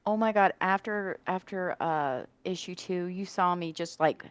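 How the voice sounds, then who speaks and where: Animated, swearing female podcast co-host. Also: fairly low pitch, a little slow, clear, resonant tone, no room sound. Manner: animated, swears freely, laughs. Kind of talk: casual chat reviewing a horror comic.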